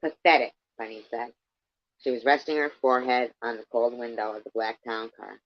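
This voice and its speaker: A woman's voice: very deep voice, fairly even intonation, a little fast, dry recording. Profane rambling woman reading aloud. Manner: rambling, profane asides, stop-start reading. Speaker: channel host. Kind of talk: reading a book aloud and reacting. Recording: dull lo-fi dry sound.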